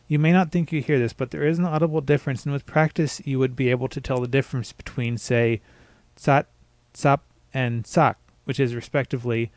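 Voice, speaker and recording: Guy teaching how to say sounds, slow and careful, super dry close mic. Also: medium pitch, darkish tone, dry recording. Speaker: language teacher. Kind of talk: scripted pronunciation lesson.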